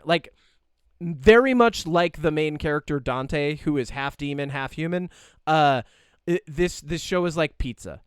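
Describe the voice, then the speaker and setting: A man's voice: a little high, unhurried, clean tone, dry recording, studio quality. A man co-hosting a podcast in casual chat, rambling animatedly with lots of fillers and quoted asides. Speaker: podcast co-host.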